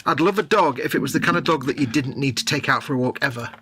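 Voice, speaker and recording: A man's voice: medium pitch, fast, very noisy. A man co-hosting a casual live stream chat, teasing and jokey, wandering off on silly tangents. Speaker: co-host.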